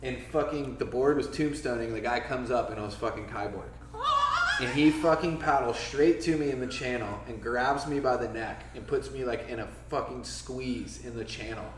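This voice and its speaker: A man from Florida in his forties tells stories casually as a podcast guest, dropping plenty of swear words and acting out quotes in a raised voice. He has a mid-range voice and a moderate pace. The audio comes from an echoey room with the mic a bit far off and faint noise behind him.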